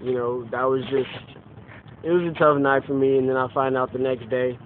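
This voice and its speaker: A young man, drunk, telling a rambling deadpan story to friends late at night, recorded on a phone outdoors. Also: medium pitch, fairly quick. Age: young adult. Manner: rambling, deadpan, many "you know what I'm saying". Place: outdoors at night, near a car. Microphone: phone camera. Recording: tinny lo-fi phone video with hiss.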